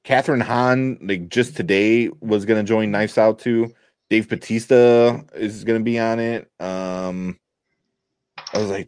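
A man's voice: lowish voice, steady tone, a little slow, darkish tone, smooth, no room sound. A young man in casual podcast chat, ranting and swearing with exasperation about a movie.

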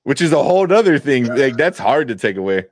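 A man's voice: mid-range voice, very animated, a little fast, no room sound. Casual chatty man, dry close mic. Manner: loose, swears freely, laughs often. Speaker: podcast co-host. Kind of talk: casual chat. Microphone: desk mic.

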